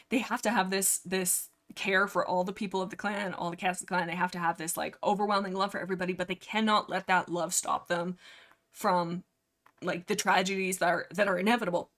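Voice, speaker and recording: A woman's voice: mid-range voice, fairly bright tone. Young adult woman host, casual and rambling, filler-heavy book chat. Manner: rambling, many filler likes. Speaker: livestream host.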